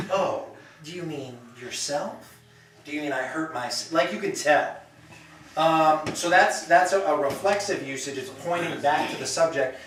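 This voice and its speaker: A man teaching a class, talking slowly and chattily and acting out little example sentences. His voice sits a bit high for a man. He is recorded from across an echoey classroom with some faint room noise. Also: a bit bright. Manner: chatty, explains with acted examples. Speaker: language teacher. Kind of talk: classroom lecture. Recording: echoey classroom, mic far off.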